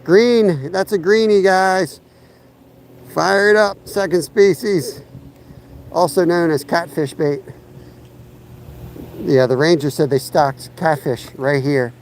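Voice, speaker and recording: This man's voice is a little high, and he takes his time with long pauses as he streams his fishing trip at a lake and creek. Chatting loosely with viewers through a chest-mounted camera mic, he comes through in low-quality audio with slight hiss or hum.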